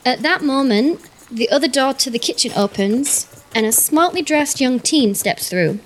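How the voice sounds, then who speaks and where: A woman's voice: high-pitched, animated, normal speed. A woman narrating scenes as game master of a tabletop role-playing game, describing them steadily.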